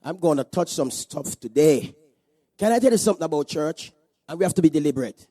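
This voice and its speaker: A man preaching a sermon as pastor at a church service, animated and joking. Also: fairly high pitch, brisk, slightly rough, no room sound.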